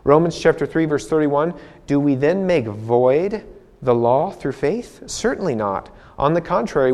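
A man's voice: medium pitch, a little mellow. A male preacher giving a conversational sermon, telling a personal story with frequent restarts and laughing at himself.

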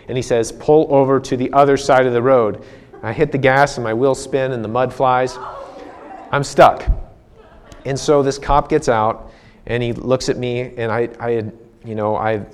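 A male preacher giving a conversational sermon, telling a personal story with frequent restarts and laughing at himself. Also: medium pitch.

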